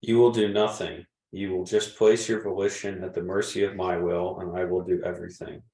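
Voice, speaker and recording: Man, deep voice, measured devotional reading, distant mic. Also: level tone, warm tone. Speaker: reader. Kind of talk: reading a devotional text aloud. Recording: echoey room, distant mic.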